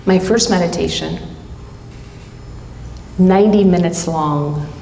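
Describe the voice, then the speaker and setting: Middle-aged woman storyteller, unhurried and pausing, heard in a roomy hall with a long reverb tail. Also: lowish voice, gravelly, warm tone, slight background noise. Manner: deliberate, dramatic pauses between short phrases. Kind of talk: live storytelling performance. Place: stage at a live event hall.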